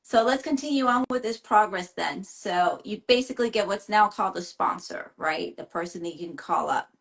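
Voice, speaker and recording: A woman host with a gravelly, fry-tinged voice leads the conversation. She responds to her guest with encouragement and steers on to follow-up questions. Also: medium pitch, normal speed. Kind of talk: conversational interview.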